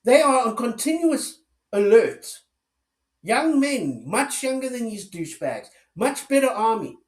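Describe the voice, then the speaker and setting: The voice is extremely high-pitched and very animated, though unhurried. A furious political commentator, he rants with heavy swearing and a barrage of sarcastic rhetorical questions, captured with a roomy echo.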